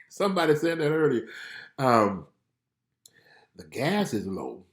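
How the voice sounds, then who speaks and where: A man's voice: medium pitch, big pitch swings, slow pace. A man giving live prophetic readings in answer to viewers' questions. He talks in a casual, chatty way, laughs often and keeps checking in with his listeners. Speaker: prophet and spiritual life coach. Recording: roomy echo.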